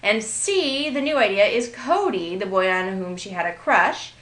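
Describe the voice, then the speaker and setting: A woman's voice: mid-range voice, normal speed, fairly bright tone. A woman teaching writing in a recorded grammar lecture, explaining with light amusement and reading example sentences aloud. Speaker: writing instructor. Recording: roomy echo.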